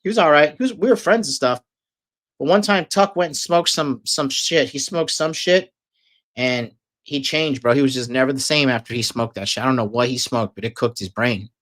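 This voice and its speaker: A man's voice: medium pitch, normal speed, fairly bright tone. A man telling a long, casual story, rambling and swearing heavily with lots of fillers. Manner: profane, rambling, filler-heavy.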